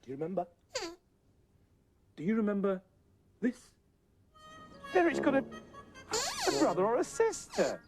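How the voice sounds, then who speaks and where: A woman's voice: mid-range voice, wildly swooping pitch, unhurried, pauses often. Coaxing woman presenting a puppet show. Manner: gentle, coaxing, talks to puppets like small children. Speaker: children's TV presenter. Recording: old VHS tape with music and hiss.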